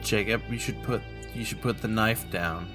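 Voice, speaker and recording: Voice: mid-range voice, normal speed, over music. Hesitant, earnest tabletop player. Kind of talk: tabletop role-play, in character.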